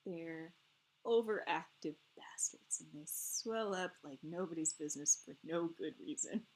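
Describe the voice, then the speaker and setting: A woman co-hosting a game stream, chatting casually in a rambling, animated way and laughing often between phrases. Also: deep voice, a little slow, breathy edge. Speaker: stream co-host.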